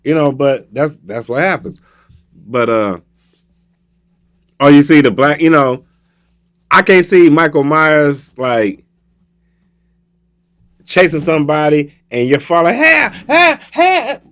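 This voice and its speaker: Speaking slowly with long pauses, a Southern American radio host whose voice runs on the high side spins a relaxed, funny story. He brings it to life by acting out each scene.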